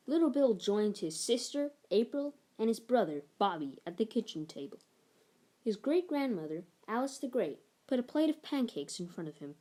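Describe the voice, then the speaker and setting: A woman narrating a children's picture book aloud in an expressive storytelling manner. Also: fairly high pitch, normal speed. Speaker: storybook reader.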